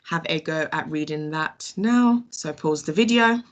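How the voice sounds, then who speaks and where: A woman's voice: low voice, a little slow. A woman teacher with a British accent, sounding out words letter by letter in a children's phonics lesson and praising often.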